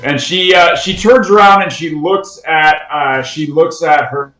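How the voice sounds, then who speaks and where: A man narrating a tabletop game as game master, halting and pausing often. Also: fairly high pitch, pushed and bright, reverberant, poor audio. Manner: halting, with many fillers and restarts.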